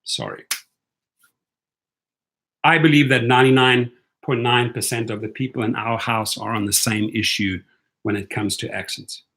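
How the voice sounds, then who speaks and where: The rideshare channel's male host speaks at a moderate pace with a steady, medium-pitched, somewhat bright voice and long pauses. He chats loosely with livestream viewers, frequently tacking "right?" onto what he says.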